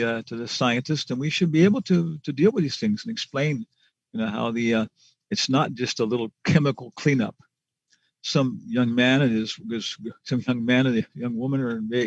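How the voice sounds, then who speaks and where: A man teaching a scripture class with a gravelly, creaky voice. He talks in a loose, chatty way, restarting phrases and chuckling. The recording is dull and lo-fi, with a dry, close sound. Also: mid-range voice, a little fast, no room sound. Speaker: spiritual teacher.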